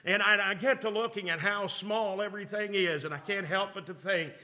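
A man's voice: sits high, a little fast, sharp tone. A man preaching a sermon, telling a story and building to fervent call-outs to the congregation.

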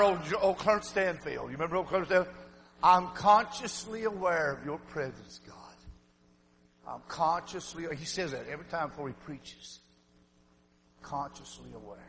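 A middle-aged male preacher with a high voice delivers a sermon in plain, folksy speech. He drops into hushed storytelling and then climbs into shouted exhortation. His words ring out with a long reverb, as in a church sanctuary. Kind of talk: fiery sermon.

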